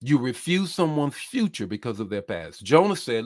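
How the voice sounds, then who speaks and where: A man's voice: medium pitch, sing-song, moderate pace. Preaching man, fervent and repetitive. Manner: impassioned, repeats phrases, reads comments aloud. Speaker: bishop, preacher. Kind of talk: sermon.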